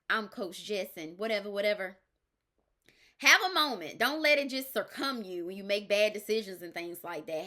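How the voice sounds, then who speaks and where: A woman's voice: a little high, bright, forceful tone. A woman life coach, giving an emphatic faith-based pep talk and often checking in with "all right?".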